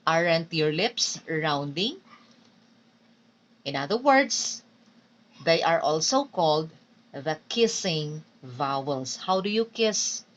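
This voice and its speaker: A woman's voice: deep voice, lively intonation, slow, pauses often, far from the mic, poor audio. A Filipino woman teaching English phonetics in a recorded lecture, drilling example words and often checking in with "Okay?". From Philippines.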